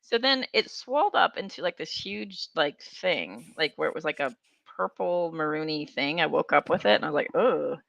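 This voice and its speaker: Female podcast host, casual animated storyteller, creaky bright tone, dry mic. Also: sits low, normal speed, dry recording, highs cut off. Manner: animated storyteller, frequent laughs and fillers. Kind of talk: casual chat.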